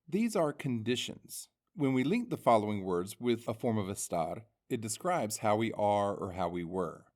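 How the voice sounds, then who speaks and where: Slow, lively-voiced male teacher. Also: fairly low pitch. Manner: slow and deliberate, reading words and their meanings. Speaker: language teacher. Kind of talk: scripted instructional narration.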